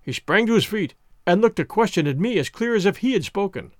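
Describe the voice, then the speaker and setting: A man narrating a classic adventure novel in the first person, expressive and storytelling. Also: high voice, brisk, dry recording, clean studio sound. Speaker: audiobook narrator.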